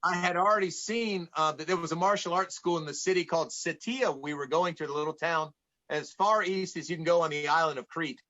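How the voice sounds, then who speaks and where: A high, bright man's voice from Atlanta, spinning casual stories as a podcast guest. He acts out the people in his tales as he goes. The audio is a little dull and muffled. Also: a little fast. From United States, Atlanta. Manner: lively anecdotes, acts out quoted dialogue. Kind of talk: casual storytelling in conversation.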